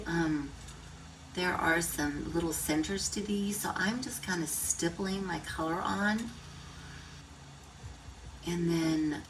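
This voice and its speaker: A middle-aged woman giving a casual crafting tutorial, chatty and thinking aloud as she works. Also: sits low. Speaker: card-making instructor. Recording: distant mic, noisy room.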